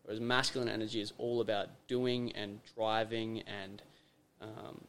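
This Australian podcast host chats casually but emphatically, repeating phrases for impact and acting out little scenarios. His fairly low voice is smooth and a bit bright, and his delivery is flat at a normal pace.

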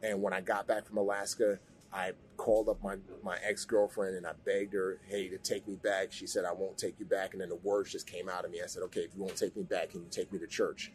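A man with a fairly low voice tells his story with earnest intensity. He speaks as a guest in a relaxed interview, his voice climbing when the feeling runs high. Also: a little fast. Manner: earnest storytelling, rises sharply when emotional. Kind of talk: personal testimony in a podcast interview.

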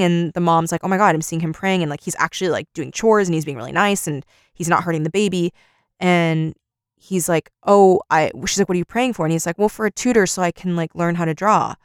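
Podcast lady telling a story, kinda low voice, dry close mic, keeps going "and he's like". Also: clear, resonant tone, dry recording. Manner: retells scenes by acting out quotes with "he's like". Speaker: podcast co-host. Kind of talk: casual chat, retelling a story.

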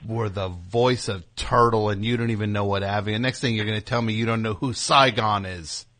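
A man hosting a comedy talk show who rambles from one riff to the next with a sarcastic edge. His voice sits fairly low, and his banter is loose and conversational. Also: steady tone, normal speed, fairly bright tone. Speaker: radio show host.

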